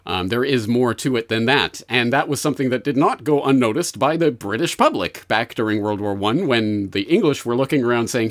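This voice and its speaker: A man's voice: medium pitch, animated, moderate pace, a bit bright. A man hosting a solo podcast, reading listener mail and commenting with sardonic asides. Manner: sardonic, mock-posh asides. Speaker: host.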